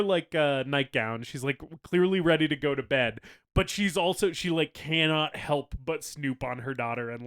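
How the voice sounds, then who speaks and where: Co-hosting a laid-back podcast about films, this man retells scenes, laughing a lot, casually swearing and performing the characters' lines. His voice sits on the high side and sounds clean and fairly bright.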